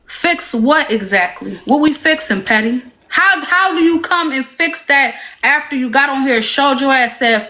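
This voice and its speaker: Woman, panelist, live-stream rant, high-pitched, unhurried delivery, blunt and profane. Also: animated, pushed and bright, slight background noise.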